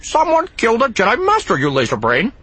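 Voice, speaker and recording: A high, warbling alien cop for a storybook. His pitch leaps all over the place, and he sounds fed up and jumpy, with a breathy edge to the voice. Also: very animated, a little fast, fairly bright tone, exaggerated voice. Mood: exasperated. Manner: shrill, warbling and exasperated. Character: excitable exasperated male alien detective.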